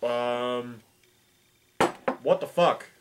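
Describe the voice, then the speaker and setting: A man's voice: medium pitch, drawn-out words. A man co-hosting a beer review, joking around and swearing freely. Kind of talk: casual chat. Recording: noisy home recording.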